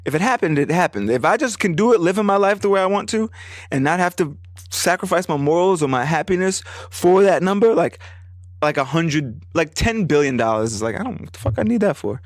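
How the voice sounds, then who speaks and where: A man spins a casual podcast story, his fairly high voice swinging widely up and down. He talks in animated, profane bursts and leaps higher when he quotes someone. The sound is close and dry, with no room around it. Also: brisk, no room sound. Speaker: podcast host; business owner.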